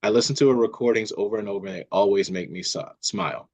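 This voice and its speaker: A man with a gruff voice, reading audience comments aloud as a moderator, hesitant and self-deprecating. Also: fairly low pitch, quick pace, darkish tone.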